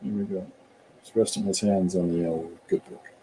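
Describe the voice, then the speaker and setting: A man's voice: low-pitched, steady tone, moderate pace, mellow, a little hiss or hum, rough recording. A man chatting casually and rambling while he draws on a live stream. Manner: rambling and chatty, slips into voices. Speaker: artist streaming while drawing.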